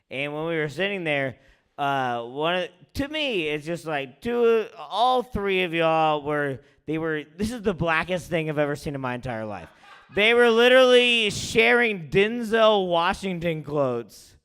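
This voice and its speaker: Animated man hosting stand-up. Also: on the high side, smooth. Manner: rambling, animated, quick asides. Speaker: open mic host. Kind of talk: stand-up comedy.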